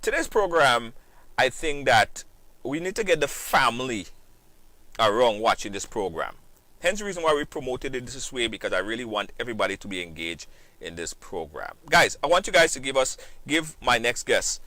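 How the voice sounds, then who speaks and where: A man hosting a live-stream talk show, animated, repeating phrases and breaking into sing-song shout-outs to viewers. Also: medium pitch, moderate pace, no room sound. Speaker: host.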